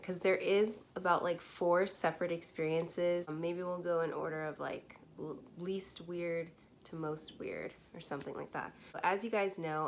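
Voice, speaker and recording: A woman's voice: fairly low pitch, slight background noise. A woman in her twenties chatting casually on camera as she tells a true story, with frequent laughs and lots of fillers. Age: 20s. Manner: chatty, laughs often, many "like"s. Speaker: vlogger.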